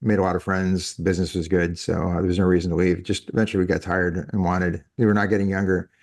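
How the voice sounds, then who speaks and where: A deep, darkish voice with a flat delivery comes from a fast-talking man in his fifties. He hosts a podcast from France in casual-conversation style, rambling, correcting himself and chuckling often.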